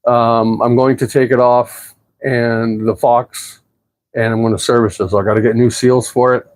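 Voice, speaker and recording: A man chats casually on a home livestream, answering viewers as he goes. His talk rambles loosely, with fillers, restarts and the occasional curse, in a voice of ordinary middle pitch. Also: normal speed. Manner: rambling, relaxed, with swearing and many fillers. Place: apartment at home.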